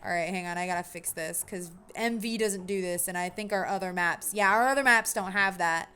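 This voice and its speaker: A young woman chatting casually while building a game on a livestream, talking to her chat, often correcting herself and brightening with sudden excitement. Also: on the low side, a little fast, clear, resonant tone, soft background music. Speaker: game dev streamer.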